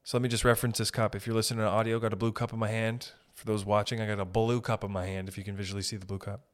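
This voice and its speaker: Talking very fast in a lowish voice with little pitch movement, a young man hosts a podcast. He wanders through a funny monologue, frequently breaking off and cursing casually.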